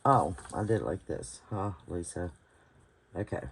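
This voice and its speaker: A woman's voice: very deep voice, unhurried, slight background noise. A tired woman with a West Virginian accent giving a casual hands-on craft tutorial. She thinks aloud, rambles and searches for words as she works. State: tired late at night. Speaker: bookbinding crafter hosting her channel. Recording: clear crinkling paper and clicking sounds behind.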